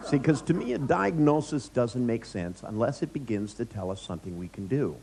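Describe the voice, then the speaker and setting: A man's voice: medium pitch, expressive, a little fast, vocal fry, noisy background. Man, workshop trainer, wry joking storyteller, live audience in the room. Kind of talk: live workshop lecture with anecdotes.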